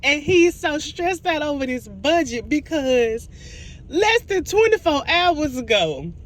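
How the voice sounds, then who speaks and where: A woman recapping a TV episode in a casual vlog, animated and storytelling, laughing often and apologizing for it. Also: high-pitched, slow pace. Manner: giggly, keeps laughing and apologizing; animated storytelling, acts out quotes. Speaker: TV show reviewer.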